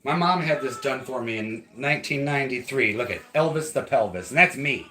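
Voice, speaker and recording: A man co-hosting a live home-tour stream, playful and excitable, sometimes breaking into shouts. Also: medium pitch, brisk. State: out of breath. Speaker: channel co-host giving a house tour.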